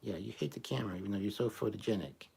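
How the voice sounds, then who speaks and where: A man's voice: on the low side, very fast, vocal fry, a little mellow, slightly rough. A middle-aged man hosting a casual livestream, reading viewer comments aloud and reacting in a chatty way, swearing freely and joking about himself. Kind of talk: casual live chat.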